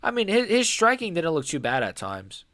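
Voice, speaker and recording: A man's voice: high-pitched, huge pitch swings, moderate pace, bright, forceful tone, no room sound. Casual young man rambling fight talk. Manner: rambling, filler-heavy, says "like" and "bro" often. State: voice cracking upward at times. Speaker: host of a live fight reaction stream. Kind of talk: casual live reaction chat.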